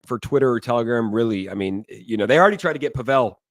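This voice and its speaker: A man's voice: mid-range voice, animated, fast talker, no room sound, clean studio sound. A man in his thirties hosting a casual crypto talk show, emphatic and repeating words for stress. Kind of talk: casual podcast chat.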